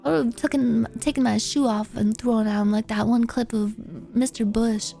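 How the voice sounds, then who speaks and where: Wysoki, żywy głos kobiety prowadzącej stream. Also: female voice, moderate pace, gravelly, soft background music. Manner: animated, swings into loud squeaky outbursts; swears freely. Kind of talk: casual chat reading viewer confessions.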